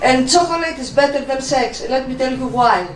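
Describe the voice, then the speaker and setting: A woman doing a stand-up comedy set, delivering blunt, deadpan one-liners on a club stage. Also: high-pitched, normal speed, faint music behind. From Russia. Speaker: stand-up comic. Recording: roomy live club sound from a distance.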